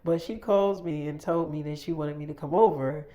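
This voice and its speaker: A man's voice: on the high side, fairly even intonation, mellow, lightly acted. A man voicing a brash, gossipy young woman who talks bluntly and curses heavily in a freestyle audio story. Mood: heated gossip. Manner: blunt, rapid gossip with heavy cursing.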